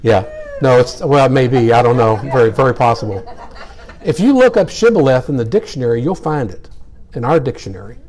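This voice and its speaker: A man's voice: mid-range voice, animated, fairly quick, darkish tone. An older man teaching a casual Bible class, folksy and rambling, chuckling as he explains.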